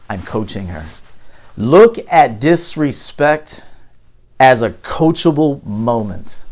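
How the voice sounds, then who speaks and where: A man who works as a dating coach, giving emphatic, preachy advice straight to camera, with loud punches and low, quiet asides. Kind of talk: direct-to-camera advice monologue.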